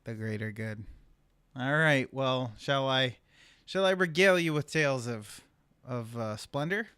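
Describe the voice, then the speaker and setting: A man's voice: mid-range voice, measured pace, pushed and bright, clear, resonant tone, no echo, clean studio sound. A young adult man on a casual podcast, telling a family story with frequent laughs. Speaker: podcast co-host. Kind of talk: casual chat.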